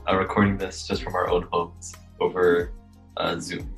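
Young male co-host, deep and measured like a newsreader, cheap mic on a home Zoom call. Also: completely flat delivery, vocal fry, fairly bright tone, soft background music, poor audio. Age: young adult. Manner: measured, newsreader-like, with many uhs. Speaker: podcast co-host. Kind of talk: casual podcast chat. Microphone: bad mic on a Zoom call.

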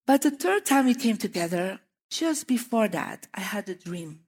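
A middle-aged woman, a feng shui teacher telling animated stories to a live audience and laughing at her own anecdotes. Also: a little high, moderate pace, big-room sound. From Belgium. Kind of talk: storytelling talk to a live audience.

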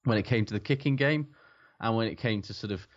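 Male rugby pundit, very deep voice, blunt and sweary, slightly muffled recording. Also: fast. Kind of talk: casual sports podcast chat.

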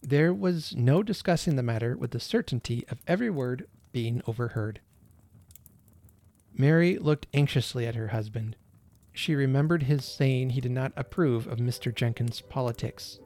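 Male storybook narrator, gentle, expressive, mid pitch, dry studio. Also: normal speed, no room sound, soft background music.

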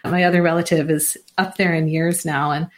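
A woman in her forties, a communication consultant, telling a story in a relaxed interview with frequent laughs and fillers. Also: low-pitched, fairly quick.

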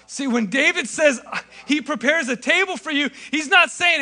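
A young adult male pastor preaching a sermon, acting out scenes with animated storytelling. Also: very high voice, moderate pace.

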